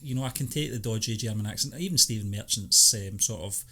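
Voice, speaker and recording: A man co-hosting a film review podcast who talks in a relaxed, hesitant way, often agreeing and filling pauses with "you know". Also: lowish voice, a crowd in the background. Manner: hesitant, many ums and you-knows, agreeable. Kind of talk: casual chat.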